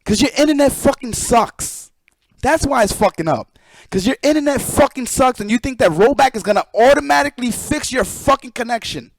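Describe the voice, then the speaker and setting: A man streaming live, ranting casually and profanely to his chat with animated energy. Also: extremely high pitch, brisk, gravelly.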